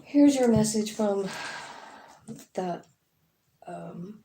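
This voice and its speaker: Woman, tarot reader, casual and profane, unhurried, roomy echo. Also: medium pitch, lively intonation, noisy background. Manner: frank and profane, many fillers.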